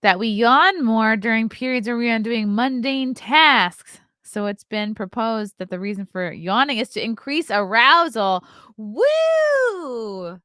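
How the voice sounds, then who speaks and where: A woman's voice: fairly high pitch, measured pace, hardly any pauses, pushed and bright, clean tone, no room sound, clean studio sound. A woman in her thirties hosting a casual solo livestream, chatting, reading articles aloud and reacting to them, yawning often. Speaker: host.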